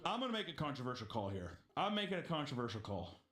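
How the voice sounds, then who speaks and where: Animated, roomy-sounding man ranting. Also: mid-range voice, quick pace. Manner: animated, opinionated, swears freely. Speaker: podcast host recapping a reality show. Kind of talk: casual chat. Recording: roomy echo.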